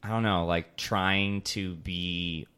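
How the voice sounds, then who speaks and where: A man's voice: low-pitched, fairly even intonation, slow pace, pushed and bright, clear, resonant tone. A man co-hosting a podcast, rambling in a casual chat full of "like" and "you know". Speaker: podcast co-host.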